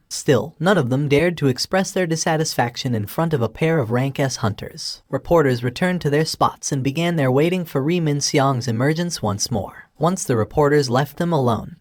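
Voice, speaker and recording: A man narrating a scripted story recap in an even, steady reading voice. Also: fairly high pitch, no room sound, studio quality.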